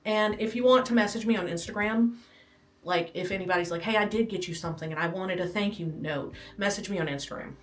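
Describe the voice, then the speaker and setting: A woman's voice: mid-range voice, quick pace, recorded from a distance. A pregnant young woman giving a casual, self-deprecating, rambling home tour, sometimes out of breath. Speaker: vlogger. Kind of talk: casual nursery tour vlog. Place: small nursery room at home. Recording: roomy, from off-mic, with faint music. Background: air conditioner hum and faint music.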